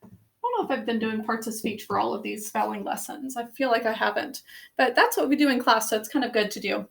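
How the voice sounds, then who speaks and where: A woman's voice: on the high side, brisk, gravelly. A young woman, a teacher recording a spelling lesson for her students, patiently sounding out phonograms step by step.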